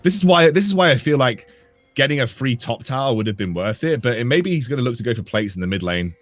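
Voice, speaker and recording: A man's voice: medium pitch, animated, fast, no echo, faint music behind. A man giving esports color commentary, rambling and analytical with frequent restarts. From England. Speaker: color caster.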